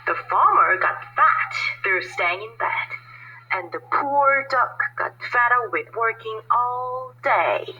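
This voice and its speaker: A woman reading a children's picture book aloud in a slow, deliberate storytelling manner. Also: a little high, animated, slightly rough. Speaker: storybook reader. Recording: muffled lo-fi recording.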